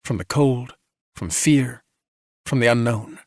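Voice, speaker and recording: A man narrating a story in a calm, even, bedtime-story style. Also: mid-range voice, slow pace, dry recording, clean studio sound. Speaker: audiobook narrator.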